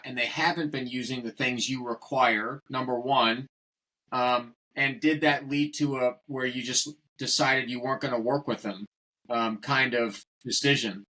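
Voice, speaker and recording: A man co-hosting a casual podcast, posing long and probing questions. His voice sits at a middle pitch. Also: sharp tone, poor audio. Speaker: co-host.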